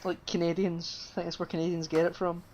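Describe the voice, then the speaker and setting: A woman co-hosting a casual podcast rambles through the chat with lots of fillers and casual swearing. Her voice is on the low side and darkish, delivered flatly and fast. Her home podcast mic gives a dull, lo-fi sound with a buzz and a little hiss or hum.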